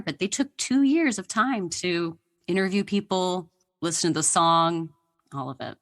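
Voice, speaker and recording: A woman guest on a podcast with a slightly low voice. She spins history anecdotes in a chatty, conversational way and giggles often. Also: measured pace, a bit bright. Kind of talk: casual interview chat.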